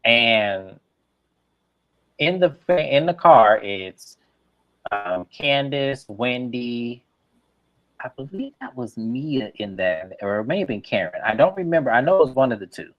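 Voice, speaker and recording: A man's voice: mid-range voice, expressive, measured pace, no room sound. A man reviewing a reality show, ranting bluntly with heavy profanity in a casual recap. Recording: dull lo-fi sound.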